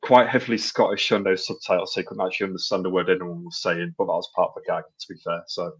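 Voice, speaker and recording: A man's voice: low-pitched, flat delivery, fast, a bit bright, breathy edge. A man co-hosting a wrestling podcast in casual chat, blunt and sweary, rambling with lots of fillers. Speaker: podcast co-host. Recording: dull lo-fi podcast audio.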